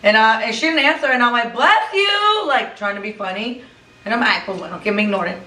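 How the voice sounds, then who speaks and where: A woman recounts a spooky story to her sisters, switching freely between English and Spanish. She sounds roomy and sits some distance from the mic. Her pitch sits in a middle range for a woman. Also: quick pace, bright, forceful tone. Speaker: co-host. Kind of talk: casual storytelling chat.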